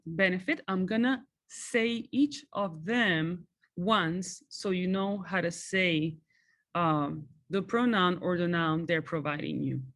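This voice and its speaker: A woman whose first language is Spanish, patiently walking students through a class assignment and often checking in with them. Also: mid-range voice. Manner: patient, explanatory, frequent checking "okay?". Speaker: Spanish teacher. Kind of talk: recorded class walkthrough.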